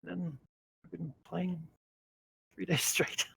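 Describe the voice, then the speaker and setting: A tired man with a gravelly, husky voice, chatting in a relaxed way at a slightly raised pitch. His sentences often trail off, and the sound is dry and close. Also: slow pace, dry recording. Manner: relaxed, low-key, trails off. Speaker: player in an online tabletop game. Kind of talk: casual chat.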